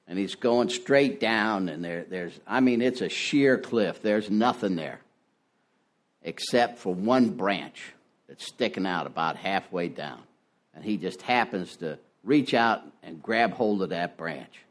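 A man's voice: low-pitched, animated, takes it slowly. An older man telling his recovery story at a meeting, folksy and self-deprecating, with lots of "you know". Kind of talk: personal testimony talk. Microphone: ear-worn headset mic.

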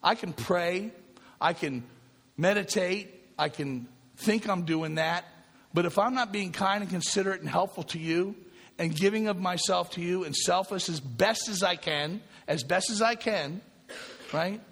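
Man, recovery group speaker, slightly high voice, casual, repetitive, long hall reverb. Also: measured pace, a bit bright, slightly rough. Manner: conversational, often asks "right?" and repeats himself. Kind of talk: spiritual talk to a recovery group.

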